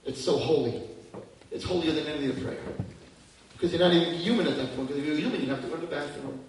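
A man in his fifties giving a lively religious talk, swinging from hushed tones to near-shouting. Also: fairly high pitch, quick pace, slight background noise. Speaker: religious teacher. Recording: echoey hall from far off.

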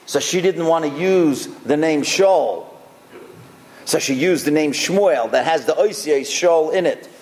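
A man, a rabbi, giving a sermon full of stories, told in an animated, expressive way. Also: on the high side, a little slow. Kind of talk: sermon with storytelling. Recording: long hall reverb.

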